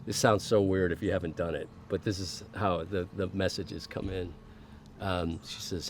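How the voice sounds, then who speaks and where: A man's voice: low voice, steady tone, moderate pace, a little hiss or hum. A middle-aged man telling a personal story as a podcast guest in a casual interview, candid and swearing freely, acting out the voices of the people he quotes.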